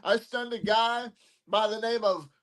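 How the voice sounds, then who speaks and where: A man's voice: high voice, unhurried, a bit bright, rough recording. A man from Texas, a wrestling promotion owner talking cocky and brash, barking "What?" between his lines. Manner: cocky, interjects "What?" again and again.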